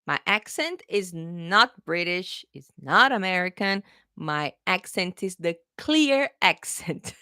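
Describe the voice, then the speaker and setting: A woman's voice: fairly low pitch, very animated, slow pace, sharp tone, dry recording, studio quality. Chatty Brazilian woman English teacher. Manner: chatty, checks in with "okay?". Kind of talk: live-stream Q&A.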